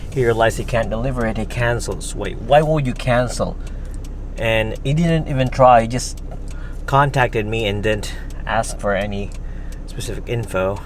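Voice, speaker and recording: A man's voice: fairly low pitch, moderate pace. A man from the Philippines talking casually to camera in a vlog, rambling with many fillers and breaking into angry swearing rants. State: headache, migraine. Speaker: vlogger. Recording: noisy street and traffic behind.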